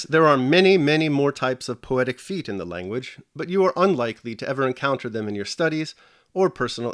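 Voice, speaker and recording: A man's voice: mid-range voice, no room sound, studio quality. A man narrating a scripted video lesson, explaining things carefully and speaking straight to the viewers. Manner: measured, explanatory, addresses viewers directly. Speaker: teacher.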